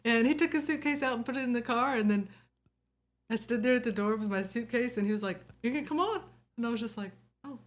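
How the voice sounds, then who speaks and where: Animated woman telling a story. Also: fairly high pitch, fast. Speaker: guest. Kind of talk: casual chat.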